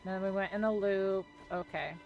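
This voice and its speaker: A woman's voice: mid-range voice, steady tone, normal speed, highs cut off, faint music behind. A woman streamer chatting casually and joking with a friend while playing a video game. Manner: playful, jokey, chatty. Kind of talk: casual gaming chat.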